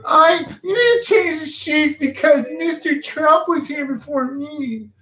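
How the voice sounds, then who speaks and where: A man putting on the voice of a childish, bickering male politician, whining in a high, mocking tone. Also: slow pace, a bit bright, reverberant, exaggerated voice, low-quality recording. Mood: whiny. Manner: whiny, bickering.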